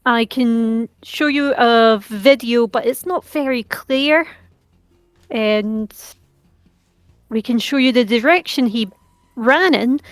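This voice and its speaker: A woman playing her character in a tabletop game, brisk and polite. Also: fairly high pitch, no room sound. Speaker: player.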